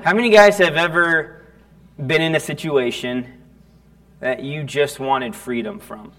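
In a church, a male pastor preaches a story-filled sermon in a fairly high, slightly bright voice. His delivery is casual and full of restarts, and he frequently asks the congregation questions.

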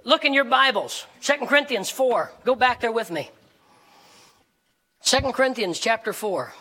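Man preaching, very high voice, bright sharp tone, animated with shouts. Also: normal speed, poor audio. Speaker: pastor. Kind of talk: sermon. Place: church sanctuary.

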